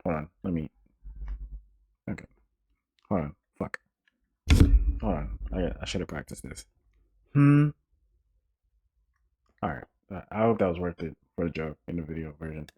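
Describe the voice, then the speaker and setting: Husky-voiced young man ranting on a podcast. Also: low voice, moderate pace, long pauses. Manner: animated, profane, joking rants with repeated restarts. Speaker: podcast host. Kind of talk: casual solo podcast rant.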